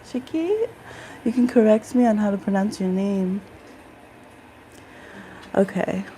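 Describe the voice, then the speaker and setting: A woman's voice: mid-range voice, fairly even intonation, unhurried, dark tone, rough recording. A woman with a Midwestern American accent, chatting casually on a live stream as a tarot reader, greeting viewers and laughing often. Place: home, room with a lamp, rain outside. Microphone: phone. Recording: home phone stream with rain noise.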